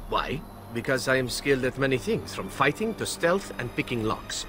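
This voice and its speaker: An actor playing a charming, flirtatious male elf assassin in a video game, smooth and flattering. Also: mid-range voice, moderate pace, background noise, lightly acted. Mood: playful.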